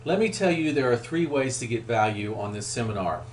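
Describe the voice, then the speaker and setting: Middle-aged male presenter, upbeat webinar pitch, echoey room, faint hum. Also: animated, brisk. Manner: upbeat sales pitch, emphatic. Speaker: weight loss program presenter.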